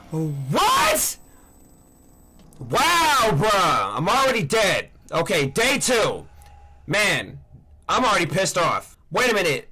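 Young male gamer, high, lively and bright, shouts and trash-talks through horror game commentary. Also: husky. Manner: excitable, yelling at the screen, trash-talking. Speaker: gaming YouTuber. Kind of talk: let's play commentary.

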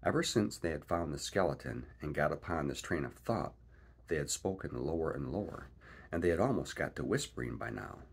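A man reading a classic adventure novel aloud in a lively, expressive way. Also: rumbling low, gravelly, husky. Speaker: reader. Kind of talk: storybook read-aloud narration.

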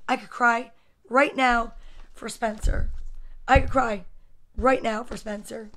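A woman reading a children's picture book aloud to kids, with playful, expressive asides. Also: on the high side, unhurried, pauses often, a little hiss or hum. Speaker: story time reader.

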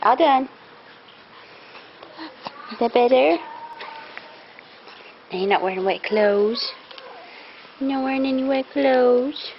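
This high-pitched woman speaks slowly, with long pauses, while filming her family at home in a casual, plain-spoken chat. She coos to the baby and scolds the children, and the lo-fi footage sounds dull and hissy.

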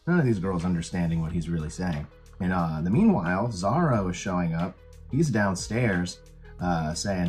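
A man with a fairly low voice talks through a movie plot in a loose, casual recap. He sounds amused and a little incredulous as he goes. Faint music plays behind him. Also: animated, moderate pace, darkish tone. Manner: laughing, incredulous retelling. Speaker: movie reviewer.

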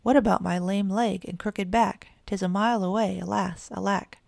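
A woman's voice: mid-range voice, steady tone, moderate pace, creaky, a little mellow, no echo, studio quality, close to an everyday voice. A woman voicing an old, lame mother cat who talks in sing-song rhymes. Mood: scolding. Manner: sing-song rhyming storyteller. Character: old gray female cat, lame and rhyming.

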